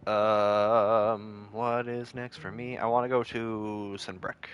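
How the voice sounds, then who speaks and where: A man's voice: lowish voice, level tone, takes it slowly. A man streaming a game live, making casual, wry asides to the characters.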